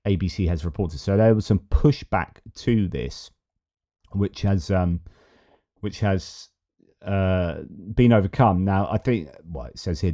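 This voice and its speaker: A man's voice: low voice, unhurried, warm tone. A man hosting a news commentary show, reading out reports and adding his own musings. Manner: reads reports aloud, then muses with fillers and restarts. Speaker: host.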